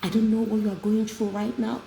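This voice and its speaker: Brisk and level, with some vocal fry in her mid-range voice, a woman hosts an inspirational talk. She tells her stories warmly, emphatically and from the heart. The space sounds echoey, with light noise.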